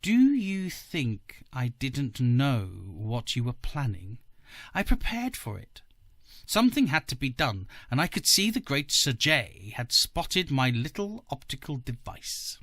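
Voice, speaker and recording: A genial madman villain, voiced by a male reader, taunts his captives in a storybook reading. He talks slowly and mockingly, and his voice jumps high without warning. The sound is dry and close. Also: big pitch swings, a bit bright, no echo. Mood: taunting.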